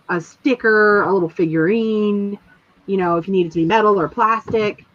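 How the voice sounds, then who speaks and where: A woman's voice: mid-range voice, brisk. Rambling chatty woman, lo-fi sound. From rural area. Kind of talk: casual chat.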